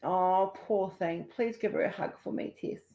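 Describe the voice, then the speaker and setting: A middle-aged woman from Australia or New Zealand hosts a casual livestream, chatting warmly with viewers and laughing often. Her voice is mellow and mid-range, at a normal speed.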